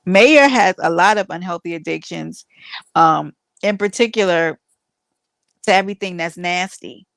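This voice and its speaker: A woman's voice: lowish voice, unhurried, vocal fry, a bit bright, no room sound. A woman hosting a casual livestream, chatting with viewers and teasing them with playful mock outrage. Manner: rambling with restarts and fillers. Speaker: livestream host.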